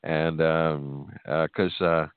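A man's voice: a bass voice, flat delivery, slow pace, clean tone, dry recording. A middle-aged man, hosting a call-in radio show with boastful, joking trash talk and frequent laughter. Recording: tinny phone-like audio.

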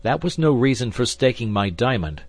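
A man voicing an anxious, hot-tempered young swordsman in an audiobook, with a husky voice and raised, pleading exclamations. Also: fairly low pitch, sing-song, measured pace, exaggerated voice. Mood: alarmed. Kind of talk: audiobook character reading.

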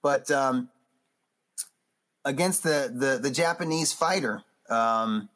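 A boxing magazine editor appears as a podcast guest in a casual interview chat, talking boxing with animation and acting out quotes. His manner is loose, with frequent restarts and fillers, and he speaks slowly at medium pitch.

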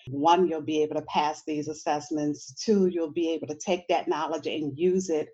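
A middle-aged educator from New Orleans, USA, speaks conversationally on a panel discussion, often adding "you know" and "right?". Her low voice is a little mellow, and the sound is lo-fi.

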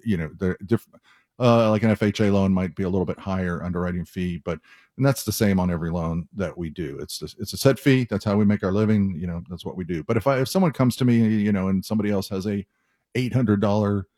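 Low, mellow-voiced male radio host. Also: fast, dry recording, clean studio sound. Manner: conversational, explains step by step with many restarts. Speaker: mortgage lender and radio show host. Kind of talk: radio call-in advice talk.

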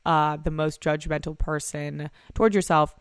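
Young woman podcaster, solo, hungover and anxious, loose and sweary, low voice, dry close mic. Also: fairly even intonation, normal speed, clean tone, no echo. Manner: rambling and candid, swears freely, many likes. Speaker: podcast host.

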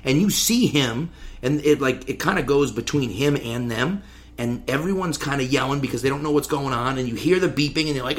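Man, casual movie chat, animated storyteller, mid-pitched voice. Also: fairly quick. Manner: animated storyteller, acts out scenes with yelling voices.

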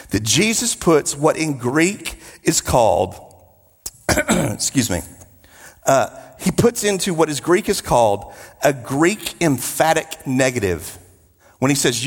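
Husky-voiced preacher, lively and emphatic. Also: male voice, a little high, big-room sound. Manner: emphatic, drawn-out repetitions with joking asides. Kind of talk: sermon.

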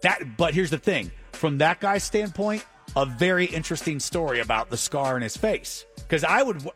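A man's voice: fairly high pitch, moderate pace, faint music behind. A man co-hosting a radio talk show, teasing his co-host and reacting with disbelief. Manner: animated, teasing and incredulous. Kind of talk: casual radio banter. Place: radio studio.

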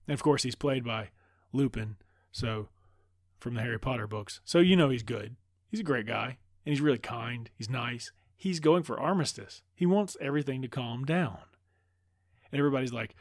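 A man recaps a film in a loose, profane, excited way. His voice sits at an average pitch. The sound is dry, with no room echo. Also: normal speed. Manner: loose, profane, enthusiastic retelling.

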